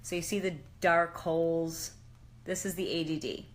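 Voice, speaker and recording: A middle-aged woman on a casual live chat, excited and exclamatory, slipping into slangy asides. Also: on the low side, moderate pace, slight background noise. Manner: animated and exclamatory, often says "dude". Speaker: fitness and lifestyle expert.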